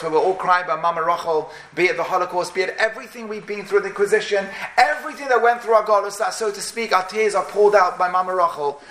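A man's voice: high voice, fairly bright tone, reverberant. A man giving an impassioned Torah talk, repeating rhetorical questions as he builds his point. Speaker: Torah lecturer.

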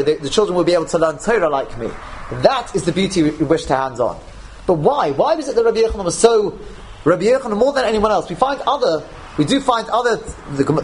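A man giving a Talmud lecture, animated, with many restarts and Hebrew terms. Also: high voice, slight background noise, poor audio. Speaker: Torah teacher.

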